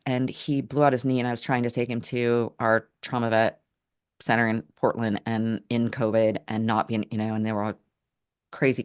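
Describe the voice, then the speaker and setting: A woman telling a personal story in an earnest, halting way, restarting her sentences as she reflects. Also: rumbling low. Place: Portland area, Oregon.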